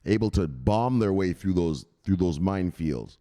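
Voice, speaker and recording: A man hosting a crypto news livestream, chatting with viewers in a loud, profane, excitable way. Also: deep voice, normal speed. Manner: profane, excitable, shouting "bang!" often.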